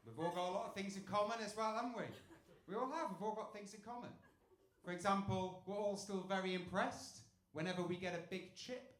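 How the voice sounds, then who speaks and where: Deadpan stand-up comic in an echoey club. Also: male voice, brisk. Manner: deadpan dark jokes, swings between loud punchlines and low muttered setups. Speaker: stand-up comedian. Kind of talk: stand-up set. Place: comedy club stage. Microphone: handheld stage mic. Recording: echoey club with room noise.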